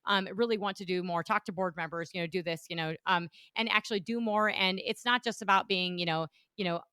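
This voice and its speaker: A woman's voice: fairly low pitch, fairly even intonation, brisk, sharp tone, smooth, no room sound, clean studio sound. A woman hosting a podcast as an energy economist, talking in an emphatic, opinionated way with many restarts. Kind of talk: casual political podcast chat.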